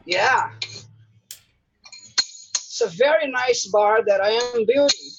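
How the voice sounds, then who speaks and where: A man from Brazil with a Brazilian Portuguese accent, a guest blacksmith chatting casually over a call, halting as he searches for words in a language that is not his first. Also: extremely high pitch, background noise. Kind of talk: casual video call chat. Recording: muffled call audio.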